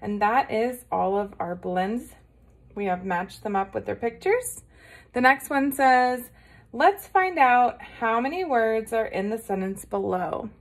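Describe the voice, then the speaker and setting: A woman with a fairly high voice teaching a recorded morning lesson to small children. She talks patiently and warmly encourages them, checking in often as she counts along. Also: a little slow.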